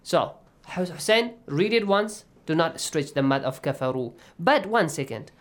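A man's voice: on the high side, expressive, moderate pace, fairly bright tone. A man teaching Quran recitation rules, patiently quizzing his students by name and slipping into recitation. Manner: switches into Arabic recitation. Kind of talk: online tajweed lesson.

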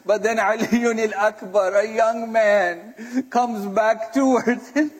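A man's voice: high-pitched, steady tone, takes it slowly. A man giving an impassioned religious sermon, chanting lines in Arabic and speaking on the verge of tears as he addresses the audience. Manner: impassioned, breaks into chanted Arabic and near-sobbing. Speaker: speaker recounting a martyrdom narrative. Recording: long hall reverb.

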